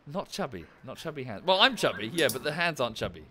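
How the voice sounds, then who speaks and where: A man's voice: mid-range voice, very animated, normal speed, crowd noise. A man streaming a game, chatting and joking in a self-mocking way. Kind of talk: casual gaming chat.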